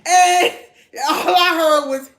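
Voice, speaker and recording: A middle-aged woman, a mother, chatting casually and telling animated stories, laughing as she acts out what people said. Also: high voice, measured pace. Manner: animated, laughing storyteller who acts out quotes. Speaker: mother of the host, salon co-owner. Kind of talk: casual storytelling chat.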